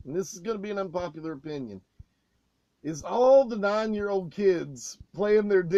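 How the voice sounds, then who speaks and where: A man co-hosting a casual podcast, telling profane backstage stories with loud, animated outbursts. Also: high-pitched, no room sound, dull audio. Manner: loud, swearing, animated retelling with raised outbursts.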